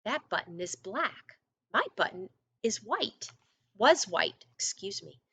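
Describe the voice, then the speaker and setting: A woman reading aloud as Toad, a fussy, easily upset male toad in a children's storybook, getting insistent and shouting when upset. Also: mid-range voice, sing-song, slow, gravelly, husky, dry recording, heavily acted.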